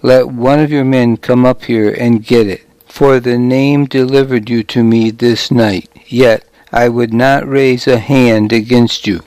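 A man voicing a commanding young warrior leader, harsh and loud. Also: mid-range voice, fairly even intonation, a little slow, hardly any pauses, no room sound, natural voice, low-quality recording. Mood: aggrieved pleading.

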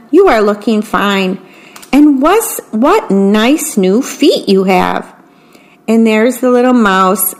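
A woman reading children's bedtime stories aloud for a volunteer reading-service radio program, describing the pictures as she goes. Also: mid-range voice. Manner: slow, gentle storybook reading, describing the pictures.

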